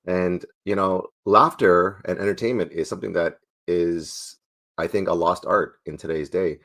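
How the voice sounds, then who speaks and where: Man, 40s, very low voice, playful, energetic storyteller, interview guest. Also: normal speed. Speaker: sales trainer and former pastor. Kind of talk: interview answers.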